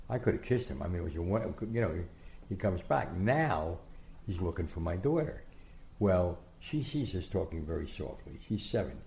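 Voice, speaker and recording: An older man telling anecdotes as an interview guest, animated, acting out quotes and often restarting his sentences. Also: low voice, fairly quick, creaky, a little hiss or hum. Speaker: guest storyteller. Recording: echoey room.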